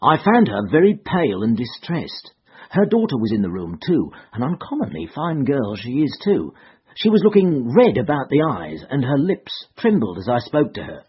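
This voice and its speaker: A shrewd, smug detective, as a male narrator puts him on, eager and knowing, his raised voice jumping about as he tells his tale. The sound is husky and breathy on a dull, lo-fi storybook recording. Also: mid-range voice, wildly swooping pitch, moderate pace, full character voice. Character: shrewd, self-satisfied male police detective.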